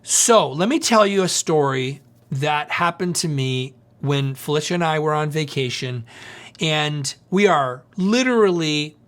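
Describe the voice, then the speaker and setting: Brief: male pastor, high-pitched voice, lively storytelling sermon with chatty asides to the audience. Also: measured pace. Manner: animated, conversational, asks the audience questions.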